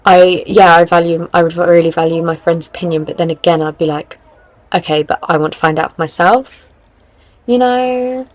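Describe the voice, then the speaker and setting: A woman's voice: mid-range voice, rough recording. A tired young woman hosting a podcast, giving frank, rambling advice in casual chat. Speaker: podcast host.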